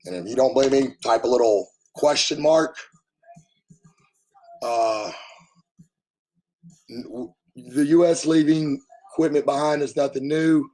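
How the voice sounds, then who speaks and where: A man from the United States ranting bluntly at his live chat, his voice hoarse and damaged after covid, talking loudly so he can be heard and swearing freely. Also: medium pitch, a little slow, pauses often, low-quality recording. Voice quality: husky, strained. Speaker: livestreamer answering chat. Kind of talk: casual live-stream rant.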